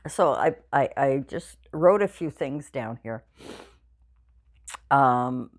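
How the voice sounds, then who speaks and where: Tired, yawning low-voiced woman in her 60s. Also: a little mellow. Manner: rambling, chatty storytelling with many fillers. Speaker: craft channel vlogger. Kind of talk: casual chat to viewers. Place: home craft room.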